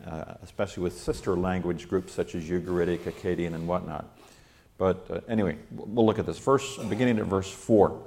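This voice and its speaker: Deep voiced guy teaching bible study, slow and scholarly, goes into hebrew grammar. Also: gravelly, a little mellow.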